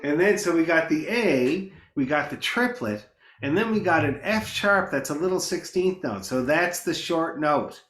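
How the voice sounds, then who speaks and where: Guy teaching beginner fiddle, kinda high voice, roomy echo, fiddle playing in the back. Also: expressive, moderate pace. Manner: encouraging, counts in and calls out notes. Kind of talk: online beginner fiddle lesson.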